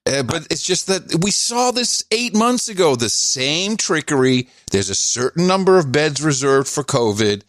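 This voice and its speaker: A man co-hosts a talk podcast and rants in a scoffing, animated way. His pitch jumps up and down a great deal. The sound is dry and close. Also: moderate pace, few pauses, no echo. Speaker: podcast co-host. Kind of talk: casual chat.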